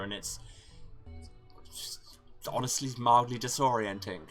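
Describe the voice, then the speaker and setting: A man streaming a game, making rambling, excitable asides between reading the dialogue. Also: on the low side, normal speed. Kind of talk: let's play commentary. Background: game music.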